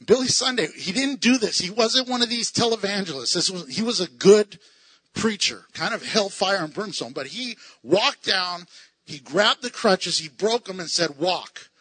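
A man teaching a Bible passage in a lively, excitable way, laughing often and acting out the voices he quotes. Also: high voice, moderate pace, slightly rough, no echo. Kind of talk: animated Bible study teaching.

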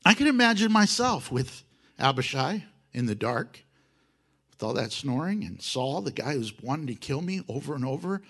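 A male pastor preaching a sermon in an animated, joking way, with playful sound effects. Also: mid-range voice, normal speed, husky.

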